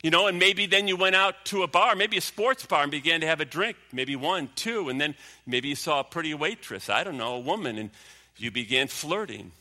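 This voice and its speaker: A man preaching a sermon as pastor, emphatic, sinking low and quiet for stories. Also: expressive, brisk, big-room sound. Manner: emphatic preaching, drops low and quiet when telling a story.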